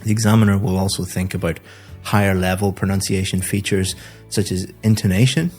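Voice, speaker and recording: An IELTS teacher with a very low voice goes point by point through a student's speaking test, giving feedback and promoting a course. He talks fairly quickly but stays calm and methodical, often repeating a word while he finds the next one, over soft background music.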